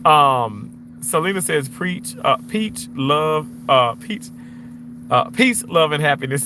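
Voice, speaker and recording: A man's voice: slow, slight background noise. A man hosting a casual livestream from a car, reading viewer comments aloud in a chatty, playful way. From Mississippi, US. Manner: chatty, playful, reads comments aloud, swings up high when excited. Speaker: livestream host reading chat.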